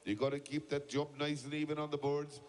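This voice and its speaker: A man's voice: on the high side, little pitch movement, a little fast, darkish tone. A man giving live play-by-play commentary at a shearing contest, urging the crowd to cheer. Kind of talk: live sports commentary over a PA.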